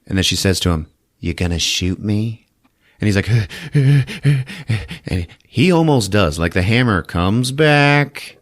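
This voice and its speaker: A man's voice: fairly low pitch, slow pace. A man hosting a podcast, casually recapping a horror film with profanity, laughter and acted-out voices. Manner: animated, profane, acts out scenes with voices and laughs.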